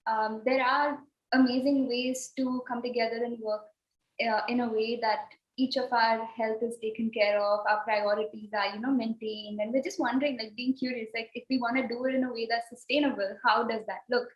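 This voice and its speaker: A woman's voice: on the high side, fairly even intonation, normal speed. A woman co-hosting a podcast, wrapping up in a casual, grateful, rambling way over a video call. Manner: warm, grateful, rambling with fillers. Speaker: podcast co-host. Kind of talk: casual wrap-up talk. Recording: echoey, dull lo-fi call audio.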